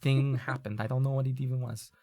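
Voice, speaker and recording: A game master voicing Dessa, a stern female school official who talks in a calm, firm, formal way. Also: medium pitch, fast, close to an everyday voice.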